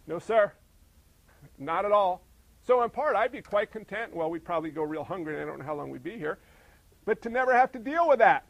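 Gravelly, high-voiced preacher, emphatic and questioning. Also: male voice, lively intonation, a little fast, dry recording, poor audio. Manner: emphatic, lots of rhetorical questions, swings from loud to hushed. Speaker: pastor. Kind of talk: sermon.

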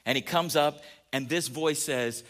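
A man preaching a conversational sermon, asking his listeners questions and moving between quiet asides and emphatic peaks. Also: a little high, a little slow. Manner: animated, asks the audience questions, swings between soft asides and emphatic peaks. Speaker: pastor.

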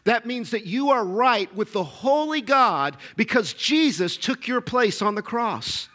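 A man's voice: extremely high pitch, animated, unhurried, pushed and bright. A middle-aged man preaching a sermon as pastor, emphatic and repetitive, calling out to his congregation for responses.

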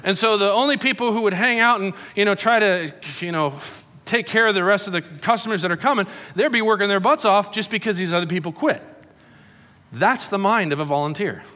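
Middle-aged male pastor, relaxed storytelling sermon, bright tense tone, slightly high voice, long reverb. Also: brisk. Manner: conversational, storytelling with acted quotes.

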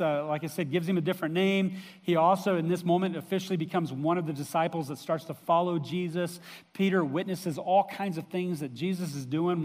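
A man preaching a sermon in a conversational storytelling way, with fillers. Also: on the high side. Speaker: pastor. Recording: long reverb of a hall.

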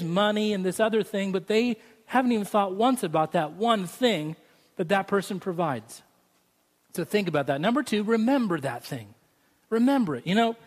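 A man preaching a sermon in a chatty, humorous way, joking with his listeners. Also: on the high side. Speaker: pastor. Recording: long hall reverb from a large room.

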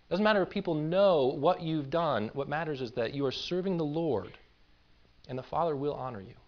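A man's voice: on the high side, fairly quick, highs cut off. A man pastoring a church, preaching a conversational sermon in an earnest, informal way and often repeating words as he builds a point.

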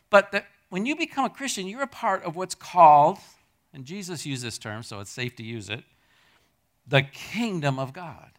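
A man preaching a sermon as pastor, swinging from loud bursts to hushed asides and acting out quotes. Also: medium pitch. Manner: acts out quotes and jokes with the congregation.

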